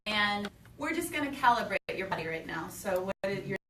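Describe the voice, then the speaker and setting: A woman's voice: mid-range voice, expressive, moderate pace. A woman presenting a workshop, guiding a volunteer step by step in front of a small audience. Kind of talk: live workshop demonstration. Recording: echoey room, distant mic, background noise.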